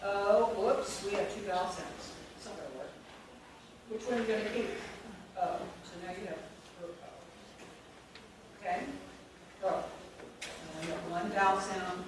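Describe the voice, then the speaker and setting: A woman's voice: medium pitch, unhurried, long pauses. Lady running a phonics workshop, quizzing the group on syllables, recorded far off with lots of background noise. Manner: drills sounds and syllables, quizzes the room. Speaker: teacher trainer. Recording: echoey room, distant mic, noisy.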